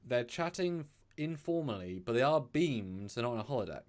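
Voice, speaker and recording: A man's voice: medium pitch, big pitch swings, a little fast. A British man co-hosting a casual chat show, rambling with many fillers and restarts. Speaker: podcast co-host.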